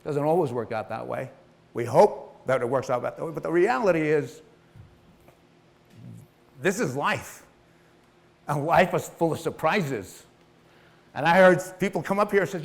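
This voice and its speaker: A man's voice: on the high side, expressive, a little slow, gravelly, pauses often. A middle-aged man giving a blunt motivational talk on stage, swearing freely and acting out what others said to him. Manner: blunt, swears, acts out quotes. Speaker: speaker.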